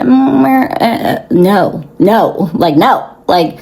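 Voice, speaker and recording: A woman's voice: mid-range voice, expressive, slow pace, creaky, mellow, low-quality recording. A young woman giving blunt, profane spiritual advice to her viewers, talking casually with lots of fillers. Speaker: spiritual reader.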